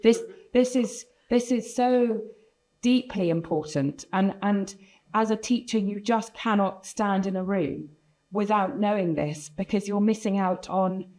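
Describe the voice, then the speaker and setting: A woman's voice: medium pitch, unhurried, a little mellow, poor audio. A woman speaking on a conference panel with passion and emphasis. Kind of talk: panel talk.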